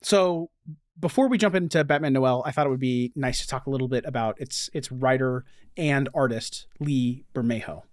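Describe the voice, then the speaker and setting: A man's voice: mid-range voice, moderate pace, dry recording, studio quality. A man hosting a casual podcast, enthusiastic and reading book passages aloud. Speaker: podcast host.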